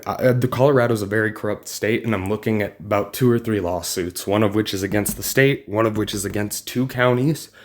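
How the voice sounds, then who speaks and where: A man ranting in a political vlog, combative and mocking, loose and rambling with some swearing. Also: on the low side. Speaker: vlogger.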